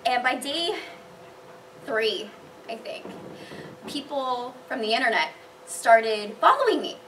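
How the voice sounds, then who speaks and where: Bubbly high-voiced woman, distant mic. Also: slow, slight background noise. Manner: bubbly, laughs often, animated storytelling. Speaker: cosplayer panelist. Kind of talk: casual panel chat. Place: convention panel room.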